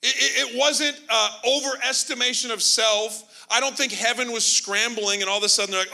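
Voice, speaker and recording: Male pastor, high voice, very bright tone, lively storytelling sermon, jokey asides. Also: moderate pace, few pauses. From Canada. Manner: animated storytelling, acting out quotes with humor.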